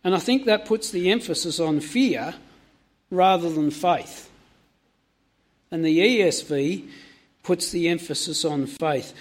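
A man's voice: high voice, a little slow. A man preaching a sermon, asking his listeners many direct questions.

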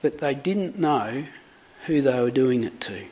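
A man with a medium-pitched, darkish voice and lively intonation preaches a sermon. He reads scripture aloud slowly and deliberately, putting dramatic weight on the quoted lines before reflecting on them.

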